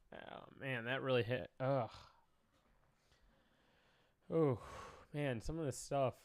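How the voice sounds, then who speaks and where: A young man provides casual reaction commentary as a streamer, speaking emotionally with frequent sighs, swearing, and trailing off. His voice is medium in pitch and clean in tone, and he talks slowly with long pauses.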